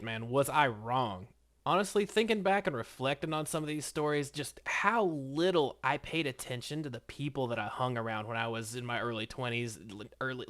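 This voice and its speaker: A man in his thirties telling a story in a casual, slangy, animated way, full of exclamations. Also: fairly high pitch.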